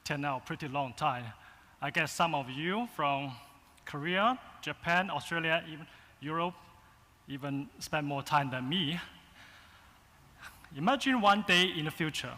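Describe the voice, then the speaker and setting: A man from China with a Chinese accent, giving a conference keynote in short, halting phrases with fillers. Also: fairly high pitch, bright, forceful tone. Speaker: agency founder, keynote speaker. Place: large conference hall. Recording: long reverb in a conference hall.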